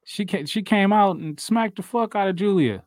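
A man's voice: high-pitched, moderate pace, a little mellow, no room sound. A man co-hosting a wrestling podcast, talking loosely and profanely with frequent laughs. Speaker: podcast co-host. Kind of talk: casual wrestling talk.

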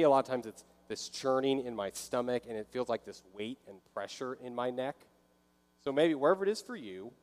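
A man's voice: mid-range voice, a little mellow. A man preaching a sermon in a conversational way, sometimes acting out inner voices. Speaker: pastor. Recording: long hall reverb.

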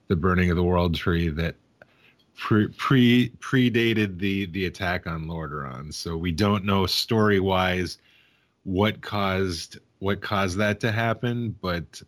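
Man with a very low voice, stop-start explainer, dry close sound. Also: no room sound. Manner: halting, repeats words while explaining. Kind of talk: casual chat.

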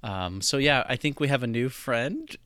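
Animated man telling a funny story. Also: mid-range voice, normal speed, clear, resonant tone, dry recording, studio quality. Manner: animated, acts out quoted voices, laughs often. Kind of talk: casual storytelling chat.

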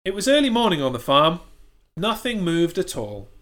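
A man reading a children's book aloud, with a bright, forward tone and a slightly high voice. He breaks off to make deadpan, sweary comments on the story. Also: normal speed. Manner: sarcastic, sweary, deadpan asides. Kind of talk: comic read-aloud with commentary.

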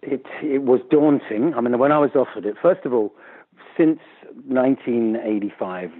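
A man's voice: medium pitch, normal speed, breathy edge, dry recording. A man, a musician guest in a casual interview, talking candidly and chatty with a self-deprecating tone over a phone line. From England.

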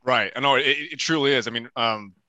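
A man's voice: medium pitch, a little fast, bright, forceful tone, no room sound. A young man co-hosting a tennis podcast, chatting loosely and often breaking into laughter. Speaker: podcast co-host. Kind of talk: casual tennis podcast chat.

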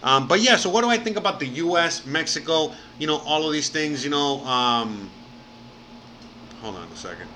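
Chatty, bright-voiced man live streaming. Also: fairly high pitch, animated, moderate pace, a little hiss or hum, rough recording. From Miami, United States. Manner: rambling and chatty, full of fillers and casual swearing; reads out and thanks viewers by name. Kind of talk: casual live-stream chat.

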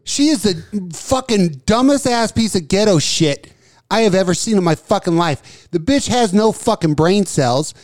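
A man with a notably high voice tears into celebrities with loud, profane, emphatic rants. He sounds close and dry, as on a small studio mic. His delivery is casual banter on a crude talk show. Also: expressive, normal speed, no echo. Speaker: podcast co-host. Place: small studio with desk mics.

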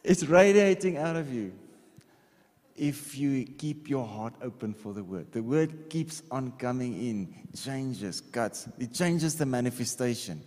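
A man's voice: medium pitch, expressive, measured pace, hardly any pauses, dark tone, in a large hall. A man preaching a sermon in a conversational way, checking in with his listeners again and again. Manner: conversational, repeats okay, drawing on a board. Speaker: pastor. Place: church hall.

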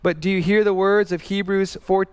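Speaking at a moderate pace with a clean, steady tone, the high-voiced pastor in his thirties gives an earnest, conversational sermon. Fillers and restarts come often, and the hall echoes around him.

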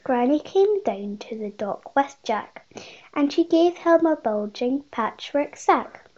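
A woman reading a rhyming children's picture book aloud, with a lively sing-song delivery and bigger voices for the characters. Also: sits high, slow pace, dull audio. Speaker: storybook reader.

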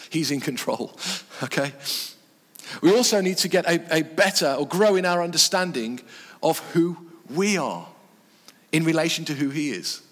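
Man, preacher, fairly high voice, earnest sermon, short measured phrases, echoing hall. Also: a bit bright. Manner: earnest, pauses between short phrases, drops low on key words. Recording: long reverb from a hall.

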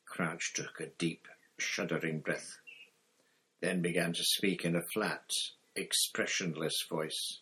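A man narrates a novel in a deep voice. He reads slowly and in a measured way. His delivery stays even throughout. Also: slightly rough. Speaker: audiobook narrator. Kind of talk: scripted narration.

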